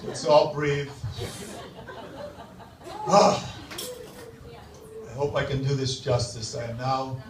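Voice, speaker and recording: A man's voice: mid-range voice, fairly even intonation, noisy background. A man doing a profane, sardonic stand-up routine in a comedy club. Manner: sardonic, profane, quick asides. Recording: echoey club, far mic, laughing crowd.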